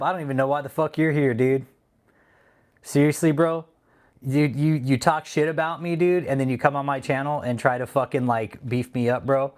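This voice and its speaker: Man, livestream host, heated profane rant, repetitive, casual talk, mid-pitched voice. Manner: heated, profane, repeats himself. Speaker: channel host.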